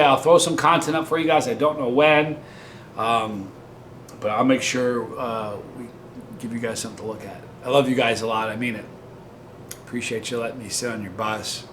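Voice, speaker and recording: A man's voice: mid-range voice, a bit bright. A man hosting his own vlog, chatting casually to his viewers and telling jokes in a chatty, playful manner. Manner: joking, chatty storyteller. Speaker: vlog host. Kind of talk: casual talk to camera. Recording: roomy echo with faint noise.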